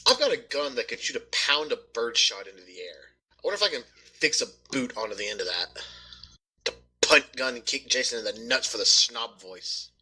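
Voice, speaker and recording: Bright, husky-voiced man bantering. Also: medium pitch, animated, fairly quick. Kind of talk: casual banter.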